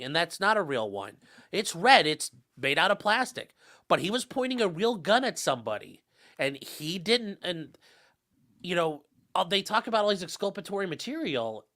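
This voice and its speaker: A man talking as a lawyer panelist in a casual panel discussion, animated and joking, with quick restarts. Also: high-pitched.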